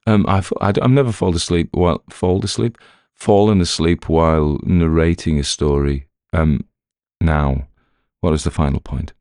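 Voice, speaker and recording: A man with a Northern English accent talks loosely to his podcast listeners in a very deep, low voice. He rambles and jokes at his own expense, full of ums and restarts. The recording is dry and close, with no room sound. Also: moderate pace, creaky, darkish tone, dry recording. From Northern England. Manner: rambling, self-deprecating, many fillers and restarts. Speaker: podcast narrator and writer. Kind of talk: rambling casual talk to listeners.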